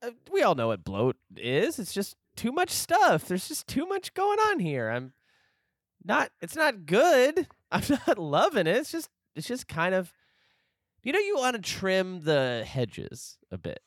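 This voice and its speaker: Rambling male comedy host, gravelly. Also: high-pitched, wildly swooping pitch, a little slow, a bit bright, no echo, clean studio sound. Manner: rambling, laughing, many fillers. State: gravelly from smoking. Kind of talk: casual comedy chat. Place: studio.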